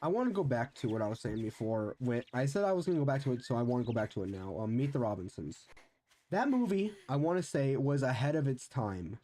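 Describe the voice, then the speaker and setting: A man's voice: medium pitch, sing-song, fast, dark tone. A young man streaming a game, chatting casually and rambling with many restarts. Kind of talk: casual chat while gaming.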